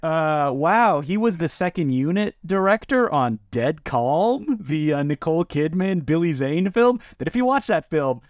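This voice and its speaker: A man co-hosting a film podcast, his fairly high voice leaping up and down as he jokes and throws in incredulous asides. The sound is dry and close, with no room around it. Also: unhurried, hardly any pauses, no room sound. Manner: animated, joking, incredulous asides. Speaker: podcast co-host. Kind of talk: casual film discussion.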